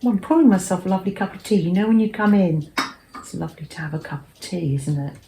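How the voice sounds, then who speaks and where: An older English woman hosting a cozy craft vlog, talking in a gentle, rambling way that often drops to a soft murmur. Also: on the low side, lively intonation, fast talker, a little hiss or hum. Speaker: craft vlogger.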